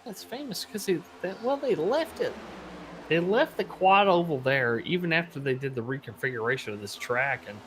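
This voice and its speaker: A man doing casual commentary on a sim race, calling the action in a lively, excitable way. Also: on the high side, normal speed, a little hiss or hum.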